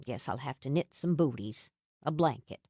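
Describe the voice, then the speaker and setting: A woman narrator voicing a gruff older woman who speaks in short clipped phrases, a little lower than her own voice. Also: expressive, moderate pace, mellow, no echo, clean studio sound, full character voice. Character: gruff older woman hiding soft feelings.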